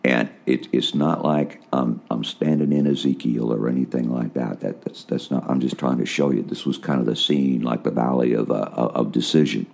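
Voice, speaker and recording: Gravelly deep-voiced man testifying. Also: steady tone, normal speed, few pauses, a little mellow. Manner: emotional, repetitive, addresses listeners as folks. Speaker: preacher recounting visions. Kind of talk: personal testimony sermon.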